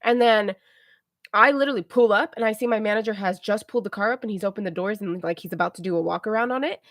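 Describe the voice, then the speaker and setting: A woman livestreamer telling a story to her viewers in a casual, animated way, often checking in with them. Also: medium pitch, quick pace, dry recording, studio quality. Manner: chatty, animated retelling, keeps checking in with "okay?".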